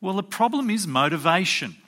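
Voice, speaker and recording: A man delivers a sermon from the pulpit, his voice bright and forceful. His pitch sits a little high and swings widely as he presses his congregation with rhetorical questions. He is emphatic and teacherly throughout. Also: expressive, brisk. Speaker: pastor.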